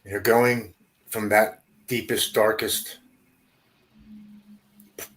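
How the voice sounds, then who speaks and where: A man, a podcast guest, telling his recovery story haltingly, repeating words and going quiet at hard moments. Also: on the low side, level tone.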